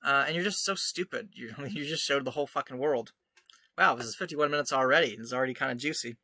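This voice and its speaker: A man's voice: mid-range voice, fast talker, bright, forceful tone, dry recording. A man giving sarcastic commentary as he reads out screenshots, mocking and scornful, often laughing. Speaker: online commentator. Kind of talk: reading his own article aloud.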